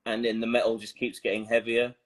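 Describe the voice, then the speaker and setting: A man's voice: mid-range voice, completely flat delivery, fairly quick. A man musician chatting as a podcast guest, rambling and self-mocking. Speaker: band member guest. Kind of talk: casual chat.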